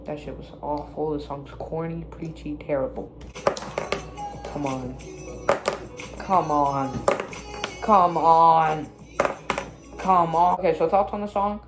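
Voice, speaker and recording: A woman's voice: sits low, fairly even intonation, moderate pace, few pauses. A woman casually reacting to her own songs, blunt, self-critical and swearing freely. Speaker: musician reacting to own album. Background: own music playing clearly.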